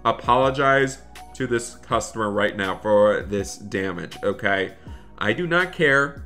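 A man's voice: on the low side, animated, a little slow, pushed and bright, soft background music. A man doing chatty Roblox roleplay commentary, talking to viewers and his in-game son, with dramatic bursts of dismay.

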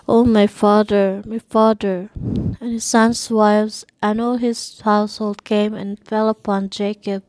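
A woman reading scripture aloud in a steady, measured way, with archaic wording. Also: mid-range voice, no echo. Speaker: scripture reader.

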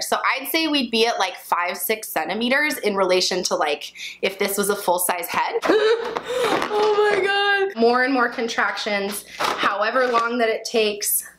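A young woman, a birth educator, talking through a hands-on demonstration in an excited, laughing way, sometimes straining with effort. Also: fairly high pitch, a little hiss or hum, poor audio. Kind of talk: demonstration vlog.

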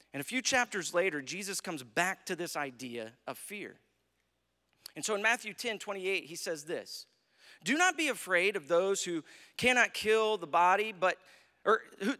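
Lively high-voiced American preacher in a hall. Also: male voice. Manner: storytelling preacher, acts out quotes, asks "right?". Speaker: pastor. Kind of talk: sermon. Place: church sanctuary. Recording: long hall reverb.

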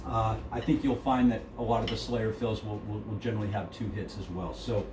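A man's voice: lowish voice, fairly even intonation, a little fast. A middle-aged man giving a casual drum lesson, talking loosely with many fillers and counting beats aloud. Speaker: drum instructor. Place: drum studio. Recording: echoey room, distant mic, noisy.

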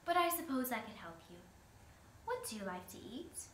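A level-headed young girl, as a woman reads her part, matter-of-fact and ready to scold. The voice is bright and a little sharp, set in a reverberant room with faint hiss behind. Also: a little high, big pitch swings, moderate pace. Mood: plain.

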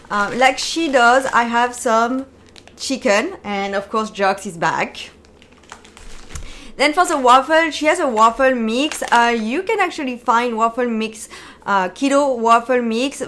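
A woman's voice: on the high side, fairly bright tone. Chatty upbeat woman with French accent. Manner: chatty, upbeat, with frequent ums and uhs. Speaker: vlogger. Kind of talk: casual cooking vlog.

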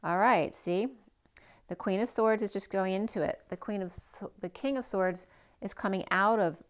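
A woman reading tarot cards aloud in a casual way, thinking out loud and asking the cards questions as she goes, her voice a little hoarse. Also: medium pitch, normal speed. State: a bit hoarse, losing her voice. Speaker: tarot card reader.

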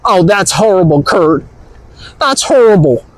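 A man's voice: sits high, lively intonation, a little slow, dry recording, rough recording. A sassy, no-nonsense woman with a scolding bite, as a man puts her on, set a little above a man's natural register. The sound is dry and close, like a live-stream sketch.

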